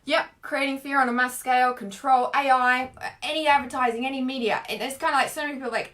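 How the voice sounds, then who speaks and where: A woman's voice: sits high, steady tone, fast, fairly bright tone. A woman talking casually on a live stream as a spiritual coach, rambling and filling her speech with "like". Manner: rambling, heavy use of "like", frequent laughs. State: teary from earlier crying.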